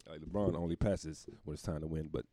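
A man's voice: rumbling low, fairly even intonation, fast, dark tone, dry recording, studio quality. A male comedian delivering a profane, rambling casual podcast monologue.

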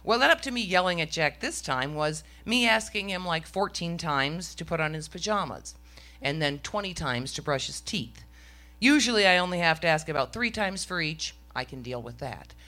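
A woman's voice: fairly low pitch, animated, moderate pace, bright, forceful tone. A middle-aged woman telling a story on stage to a live audience, with a wry, self-mocking comic delivery.

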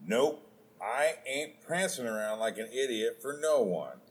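A grumpy, stubborn actor, played by a man in a comedic audio play. He grumbles in casual slang, and his voice swings widely from low mutters upward. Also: lively intonation, measured pace, close to an everyday voice. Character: grumpy stubborn male actor, sick of typecasting.

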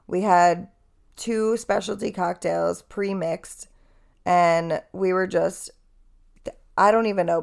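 A young woman hosts her podcast in a casual storytelling monologue. Her voice sits a little low and has a gravelly fry to it. She talks in a chatty, candid way and swears casually. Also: darkish tone. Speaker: podcast host.

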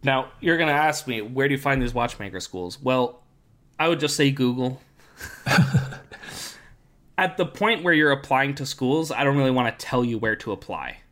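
A man hosting a casual podcast chat, explaining things in a relaxed way with many fillers while his voice is going hoarse. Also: mid-range voice, moderate pace, long pauses. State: losing his voice. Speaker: podcast host.

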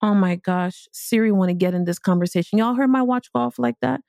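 A woman podcast host and business speaker telling a personal story in an animated, casual, slangy way. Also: mid-range voice, fairly quick, gravelly, no echo, clean studio sound. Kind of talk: storytelling motivational talk.

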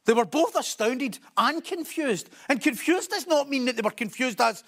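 A man's voice: very high voice, lively intonation, moderate pace, hardly any pauses, fairly bright tone. A man preaching a sermon, emphatic and repeating key phrases for stress.

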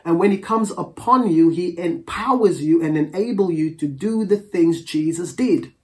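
A preacher delivering a Pentecostal sermon in a mid-pitched voice. They read scripture at a slow, deliberate pace and pray in an earnest, measured cadence, calling on the congregation to answer back. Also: expressive, darkish tone. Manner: reads scripture aloud slowly and calls for congregation responses.

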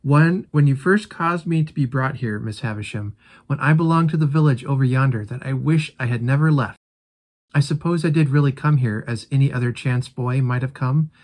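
A man's voice: mid-range voice, darkish tone, lightly acted. An earnest young man pours out his heartbreak in a pleading voice, as a man reads his lines aloud. He sounds sincere and openly wounded.

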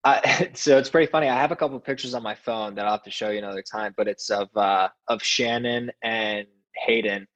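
A young man, a soccer player, telling stories as a podcast guest in a relaxed way, full of fillers and restarts. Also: lowish voice, a little fast, hardly any pauses, rough recording. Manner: relaxed storytelling with many fillers. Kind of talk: casual interview chat.

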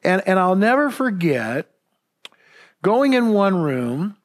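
A man's voice: sits high, big pitch swings, takes it slowly. A man from Southern California preaching a sermon as a pastor, earnest and repeating words when stressing a point.

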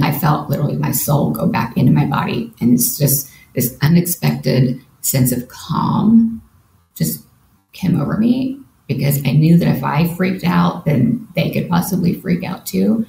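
Gravelly woman in an echoey room. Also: sits low, mellow. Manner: earnest, vivid retelling with quoted inner thoughts. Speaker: guest. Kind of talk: personal storytelling in a podcast interview. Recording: roomy echo with faint background noise.

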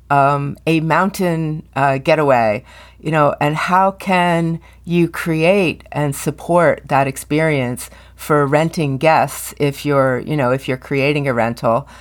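A middle-aged woman co-hosting a podcast, talking thoughtfully with many "um"s and "you know"s. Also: low-pitched. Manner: thoughtful, hesitant, many fillers. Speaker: podcast co-host, color consultant. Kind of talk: casual podcast chat.

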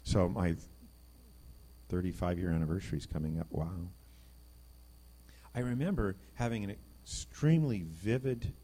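A middle-aged man giving an informal Bible teaching, reading passages and talking them through with lively emphasis. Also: deep voice, slightly rough. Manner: conversational, reads scripture aloud, animated emphasis. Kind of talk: informal sermon.

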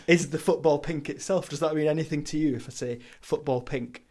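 A man hosting a podcast, asking leading questions with gentle humour in a casual interview. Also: a little high, fairly even intonation, fairly quick. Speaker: podcast host.

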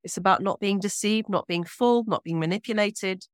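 A woman from Britain, a guest scholar speaking in a measured, earnest way with deliberate pauses in an interview. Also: mid-range voice, no echo, studio quality. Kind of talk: reflective interview talk.

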